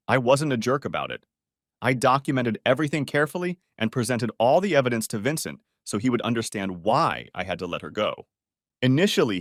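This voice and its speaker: A man narrating a scripted first-person story in a steady, expressive way. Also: medium pitch, dry recording, studio quality.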